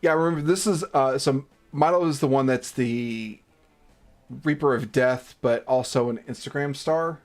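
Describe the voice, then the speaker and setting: A man's voice: mid-range voice, normal speed, soft background music. A man hosting a gaming livestream, reading game text aloud between profane, self-mocking banter and exasperated outbursts.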